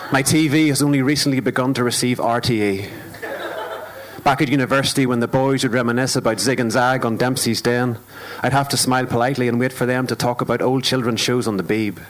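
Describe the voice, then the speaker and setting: A man with a Northern Irish accent performing spoken word poetry live at a club, with a rhythmic, wry, self-deprecating delivery. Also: mid-range voice. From Northern Ireland. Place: live music club venue.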